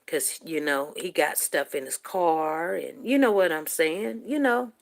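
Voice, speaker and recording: An older woman, telling a personal story in a rambling, emotional way that rises to near shouting at tense moments. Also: on the low side, lively intonation, moderate pace, gravelly, few pauses.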